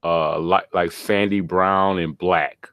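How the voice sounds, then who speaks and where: A man's voice: deep voice, steady tone, slow pace, a bit bright, dry recording, clean studio sound. A man in a casual tech chat, describing things hesitantly while searching for words.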